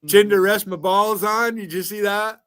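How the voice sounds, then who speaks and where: A man's voice: high voice, steady tone, moderate pace, a crowd in the background. A man hosting a stream panel, talking in brash, trolling, foul-mouthed banter. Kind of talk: casual profane banter.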